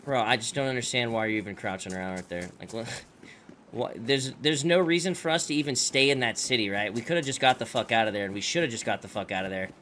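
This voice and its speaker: A man's voice: medium pitch, fast talker, sharp tone, a little hiss or hum. A man streaming a survival game, chatting casually with teammates in profane, exasperated bursts. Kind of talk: casual gaming chat with teammates.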